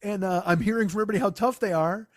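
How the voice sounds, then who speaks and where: A man doing stand-up, telling a long profane story with exasperated, animated delivery. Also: high voice, very fast, no echo, clean studio sound. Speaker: stand-up comedian.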